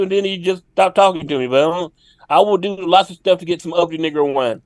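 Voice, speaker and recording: A male comedian, a guest on a podcast, telling a story in a lively, laughing way. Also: sits high, quick pace, dry recording.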